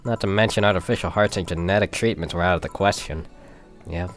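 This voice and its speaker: A man voicing a calm young woman who lost her sister, speaking in a measured, soft, explanatory way in a fan reading of a visual novel. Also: deep voice, soft background music, natural voice. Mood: somber.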